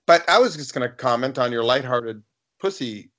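A man's voice: medium pitch, lively intonation, normal speed, fairly bright tone. A man co-hosting a podcast in casual chat, blunt and profane, telling anecdotes. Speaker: podcast co-host.

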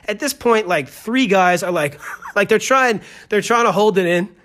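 A man's voice: high-pitched, normal speed, fairly bright tone. A man hosting a podcast, telling a story in a rambling, joking way full of tangents. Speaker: podcast host. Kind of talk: casual storytelling.

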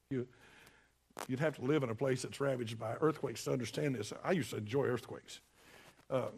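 Male pastor, fairly high voice, folksy and emphatic sermon delivery. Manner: folksy, emphatic preaching with sudden loud bursts.

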